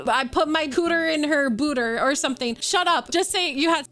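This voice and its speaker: A fairly high-voiced woman streamer reacts to her chat's confessions with playful bluntness and plenty of swearing. She leans into mock outrage for comic effect. Soft music plays faintly underneath. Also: a little fast. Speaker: VTuber streamer. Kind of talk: reading and reacting to viewer confessions.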